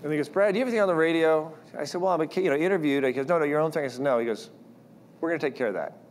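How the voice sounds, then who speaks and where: A man preaching a sermon, telling personal stories in an animated way and acting out the voices of people he quotes. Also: a little high, racing, slight background noise. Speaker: guest speaker.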